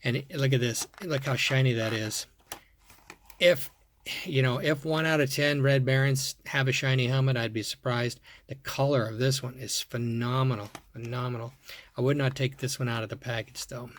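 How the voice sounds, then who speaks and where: A man with a middle-pitched voice talks casually through a show-and-tell of his collection. He rambles and repeats himself while admiring each piece. A faint hiss sits under the recording. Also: fairly even intonation, normal speed, fairly bright tone. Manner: admiring, rambling, repeats words, thinks aloud. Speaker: toy car collector showing a collection.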